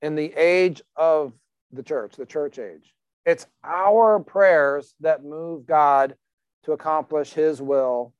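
Pastor, man, slightly high-pitched, talks to the flock plainly and emphatically, dry close recording. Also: clear, resonant tone, dry recording, highs cut off. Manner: conversational, emphatic with rhetorical questions. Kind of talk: sermon.

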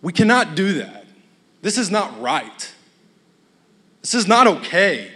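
A man with a high voice delivers a sermon as a guest preacher, casual and blunt with joking asides. His voice carries a long reverb from the hall. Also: big pitch swings, takes it slowly, sharp tone, slightly rough.

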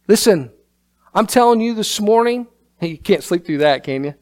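A man's voice: sits high, expressive, measured pace. A man preaching a sermon from the pulpit, emphatic and building to exclamations, often reading scripture aloud. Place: church sanctuary.

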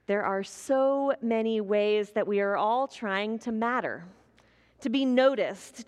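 A woman preaching a sermon, with a slow, gentle way of telling stories. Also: fairly high pitch, in a large hall.

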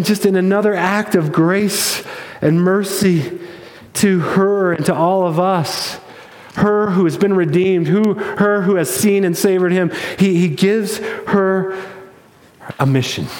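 Guy preaching, kinda high voice, emphatic storytelling, big echoey hall. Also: slow. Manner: storytelling, emphatic, rises to excitement. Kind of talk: sermon.

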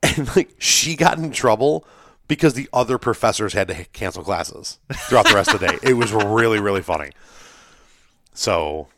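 A young man in casual podcast chat, telling an animated story, acting out quotes and swearing freely. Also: on the low side, moderate pace, no room sound.

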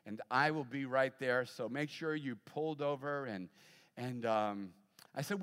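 A middle-aged man, a pastor, preaching a sermon and telling a personal story, animated and acting out voices. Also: on the high side, measured pace. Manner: animated storyteller, acts out voices, laughs often. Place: large church hall. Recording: long hall reverb.

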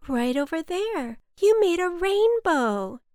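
A woman's voice: a little slow, no echo, studio quality. Woman doing a kind earnest little boy. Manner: earnest and eager, raised bright pitch. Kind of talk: children's storybook reading.

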